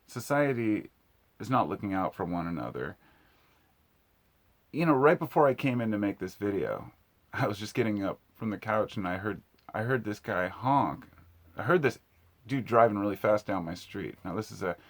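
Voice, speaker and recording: Low-voiced man, rambling and reflective. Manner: rambling, reflective, frequent fillers and restarts. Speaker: vlogger. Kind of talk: casual vlog monologue.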